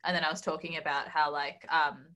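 Bright-voiced lower-pitched woman chatting. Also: a little fast. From Australia. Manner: laughing, animated storytelling with acted-out quotes. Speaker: podcast co-host. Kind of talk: casual chat.

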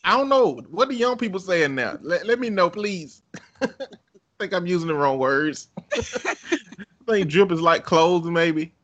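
A man's voice: high-pitched, lively intonation, measured pace, long pauses, fairly bright tone, dull audio. A man in a casual chat who jokes, swears freely and laughs often. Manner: profane, jokey, laughs often.

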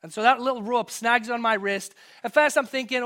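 A man delivering a sermon from the pulpit, his voice sitting high and ringing bright. He mixes scripture reading with relaxed personal stories, then pushes up to emphatic peaks on his main points. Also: brisk. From from outside the US. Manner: storytelling, conversational, builds to emphatic peaks. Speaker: pastor.

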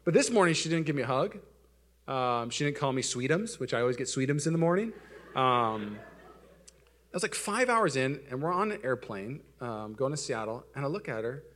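Speaking at a moderate pace, a young adult male pastor gives a sermon full of self-mocking anecdotes, alternating loud excitement with soft, low asides. There is slight background noise.

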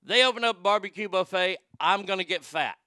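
A man's voice: high voice, brisk, pushed and bright, no echo, studio quality. A middle-aged man, rambling casually and profanely as he reads from a chat. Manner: profane, folksy, rambling with restarts. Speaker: livestream host reading chat.

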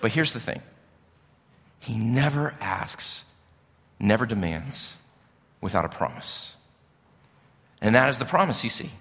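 A man's voice: mid-range voice, animated, measured pace, vocal fry, long pauses, sharp tone, big-room sound. A male pastor preaching a sermon in an earnest, pleading, emphatic way, with rhetorical questions.

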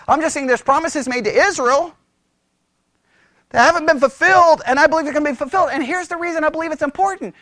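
A Bible teacher giving a conversational sermon, animated and exasperated, who mocks his opponents in raised voices. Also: sits high, no room sound, clean studio sound.

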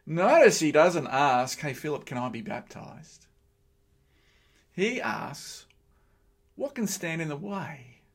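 A middle-aged man preaching a sermon, with lively joking asides to the congregation. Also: a little high, takes it slowly, pauses often.

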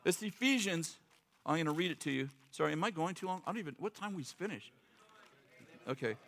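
A man's voice: fairly high pitch, expressive, brisk, a bit bright. Joking conversational male preacher. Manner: conversational, joking, acts out quotes. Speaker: pastor. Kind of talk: sermon.

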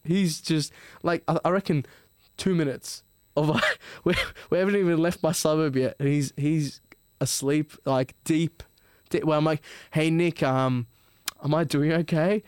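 A man's voice: on the high side, steady tone, moderate pace, no echo, clean studio sound. A man, a podcast guest telling a story in a rambling, profane, casual way. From Melbourne, Australia. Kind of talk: casual chat.

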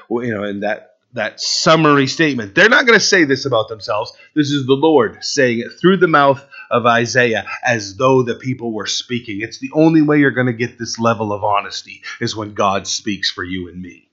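A pastor preaching a sermon in an animated way, firing rhetorical questions and asides at his congregation. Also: medium pitch, dull audio.

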